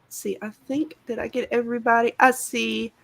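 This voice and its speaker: A woman's voice: a little high, level tone, brisk, vocal fry. Chatty Southern woman greeting viewers. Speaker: livestream co-host. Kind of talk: casual livestream chat.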